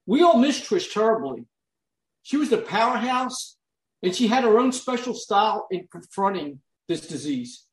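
A man's voice: high voice, sing-song, normal speed. A man speaking heartfelt, admiring words and putting questions to a guest in an interview. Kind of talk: interview conversation. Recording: roomy echo.

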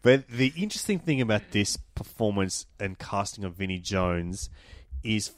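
A man co-hosting a casual film podcast, wry and profane, slipping in quick impressions. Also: fairly low pitch, expressive. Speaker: podcast co-host.

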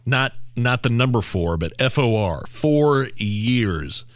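A man's voice: mid-range voice, expressive, takes it slowly, dry recording. A man in his forties co-hosting a radio show, self-deprecating and laughing often as he tells rambling anecdotes at a studio mic. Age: 40s. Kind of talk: casual radio banter.

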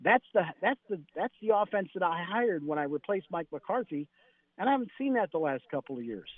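A man's voice: sits high, brisk, dry recording. A man reporting on football practice as a radio guest, talking animatedly and acting out what coaches said. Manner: animated, quotes coaches in lively bursts. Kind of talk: phoned-in radio interview. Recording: tinny phone line.

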